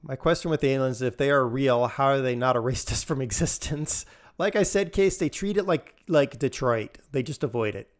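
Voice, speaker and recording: A man's voice: medium pitch, normal speed. A man rambling casually on a live game stream, answering chat and laughing often.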